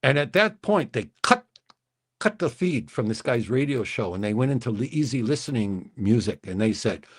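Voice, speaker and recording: An older man from the Chicago area hosts a casual livestream, telling a story in a rambling, hesitant way. His pitch sits mid-range but swings a lot as he talks. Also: very animated, moderate pace. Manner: rambling, hesitant, self-interrupting. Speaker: livestream host.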